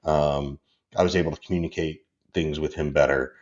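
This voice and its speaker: A man's voice: rumbling low, fairly even intonation, moderate pace, a little mellow, muffled recording. A man in his fifties, a podcast guest, telling personal stories in a rambling, candid way and laughing through them. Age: 50s. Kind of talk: casual interview storytelling.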